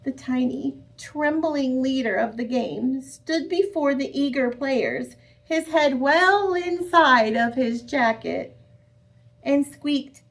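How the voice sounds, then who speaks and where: Woman storyteller for children, high voice, unhurried and expressive. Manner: expressive, sing-song, addresses children directly. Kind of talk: children's read-aloud.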